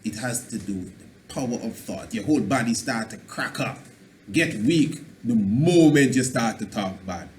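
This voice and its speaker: A man's voice: medium pitch, lively intonation, normal speed, darkish tone. Guy preaching self-help on the radio, rambly, slips into dialect skits, a bit of hiss behind. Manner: preachy, rambling, plays out little scenes in a dialect voice. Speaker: spiritual teacher.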